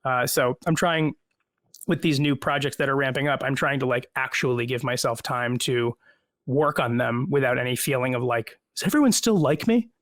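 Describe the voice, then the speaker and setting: A man, an actor as a guest, chatting in a casual video-call interview from home, self-deprecating and quick to laugh. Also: medium pitch, level tone, fairly bright tone, no echo, studio quality.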